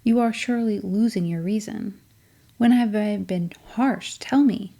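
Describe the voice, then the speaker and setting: A haughty young lady of a grand house, cutting and emphatic, read by a woman. She mocks and lectures in a mellow, rather dark voice. It is a steady audiobook reading of the role. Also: mid-range voice, measured pace. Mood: scornful. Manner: sharp, emphatic and mocking.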